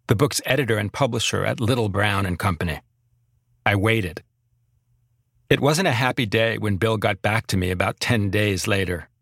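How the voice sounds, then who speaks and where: A man narrating his own memoir as a podcast host, reflective and measured. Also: fairly low pitch, a bit bright, dry recording, studio quality.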